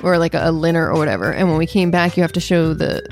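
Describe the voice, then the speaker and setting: Lowish-voiced chatty woman podcaster. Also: quick pace, music in the background. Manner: chatty, animated storyteller with laughs. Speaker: podcast co-host. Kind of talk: casual chat.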